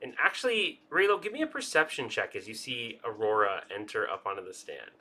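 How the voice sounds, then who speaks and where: Man, game master, bright voice, theatrical, playful. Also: on the low side, sing-song, brisk. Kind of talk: narrating a tabletop game.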